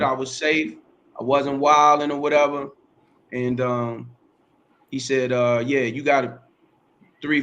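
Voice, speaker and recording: A middle-aged podcast host with a medium-pitched, slightly bright voice tells his life story in a casual interview. He rambles and repeats himself, using slang and profanity, and the recording sounds muffled.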